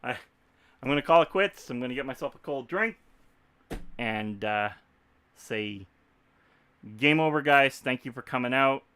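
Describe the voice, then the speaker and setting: A man's voice: mid-range voice, expressive, a little slow, long pauses, pushed and bright, clear, resonant tone. A man from Texas with a Texan accent, chatting casually to viewers on a livestream, rambling and laughing easily. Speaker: YouTube creator.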